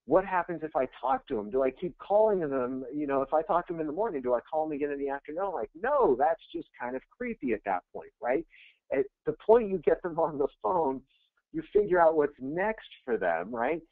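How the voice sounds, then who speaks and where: A man coaching real estate agents in a webinar, energetic and conversational, blunt and quick to go off on tangents. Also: fairly high pitch, vocal fry, dry recording. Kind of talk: webinar presentation. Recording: tinny, dry phone-like webinar audio.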